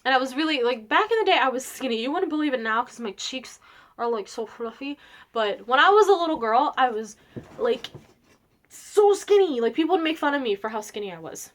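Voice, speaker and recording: Young woman vlogger, bubbly, self-mocking storyteller, bright high voice with wide swings. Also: expressive, a little fast. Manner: giggly, rambling, self-deprecating, lots of "like". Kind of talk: casual storytelling vlog.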